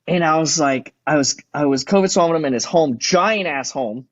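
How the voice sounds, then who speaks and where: Swearing, animated man telling stories. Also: on the high side, moderate pace, no echo, lo-fi sound. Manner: animated, swears a lot, acts out quotes. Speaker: podcast guest. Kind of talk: casual storytelling chat.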